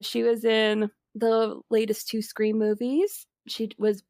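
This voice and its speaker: A woman in her thirties chats casually about films as a podcast co-host, laughing often and getting animated. Her voice sits a little high with a gravelly fry at the ends of phrases. The sound is dry and close. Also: slow, no echo. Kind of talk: casual movie review chat.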